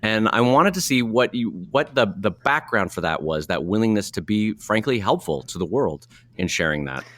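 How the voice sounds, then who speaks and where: Bright, lively male podcast host. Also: on the low side, normal speed. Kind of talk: casual podcast chat.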